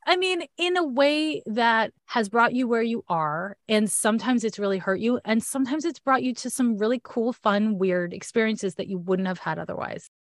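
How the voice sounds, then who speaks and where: A woman's voice: a little high, moderate pace, hardly any pauses, dry recording, clean studio sound. A woman with a Canadian accent giving a frank, chatty astrology reading in a casual one-on-one talk. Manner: chatty, frank, laughs often.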